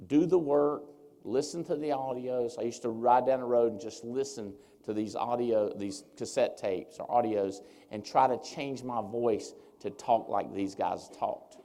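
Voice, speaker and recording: A man giving a seminar talk as a speaker, telling his story with lively, animated swings as he acts out what people said. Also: medium pitch, normal speed, few pauses. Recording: reverberant hall.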